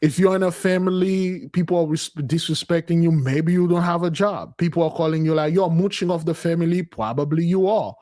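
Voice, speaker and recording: A man giving a livestream sermon in a loose, conversational way, repeating phrases and calling his listeners "beloved", with his voice swinging between loud and soft. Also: fairly high pitch, fairly quick, hardly any pauses. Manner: repetitive, calls listeners "beloved". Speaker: spiritual teacher leading a community fast.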